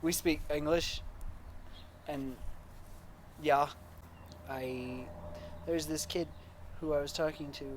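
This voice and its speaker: A man's voice: on the high side, steady tone, takes it slowly, pauses often, slight background noise. A young American man joking around in a casual chat while hamming up a put-on Irish accent. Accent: American attempting Irish. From United States. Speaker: co-host.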